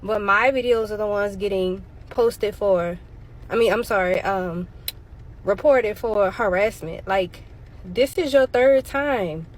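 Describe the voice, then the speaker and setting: A woman's voice: medium pitch, slow. A woman creator talking straight to her viewers, exasperated and defensive. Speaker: social media creator. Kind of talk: direct-to-camera video clip.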